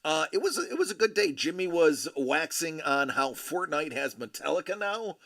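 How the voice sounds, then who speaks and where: A man's voice: on the high side, very animated, normal speed, creaky, bright, forceful tone. A man hosting a casual live stream, reading viewer comments aloud and chatting back to them.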